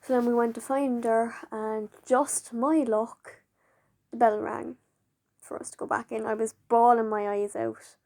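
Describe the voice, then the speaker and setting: Woman, casual personal storytelling, chatty, fairly high pitch, warm tone. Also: little pitch movement, unhurried. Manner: chatty, leans on "like" and acts out quoted dialogue. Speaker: vlogger.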